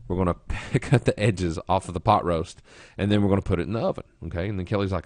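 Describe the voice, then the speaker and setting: A man's voice: deep voice, a little mellow, dry recording. A middle-aged man teaching a trading lesson, telling folksy stories in a rambling way and often restarting his phrases. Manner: rambling storyteller, restarts phrases, quick asides. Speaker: trading instructor. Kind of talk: webinar lesson with folksy storytelling.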